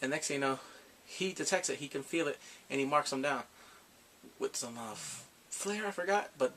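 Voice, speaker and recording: A man casually recapping drama episodes in a rambling, excitable way, gasping and laughing as he goes. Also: mid-range voice, moderate pace, slight background noise. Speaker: drama reviewer.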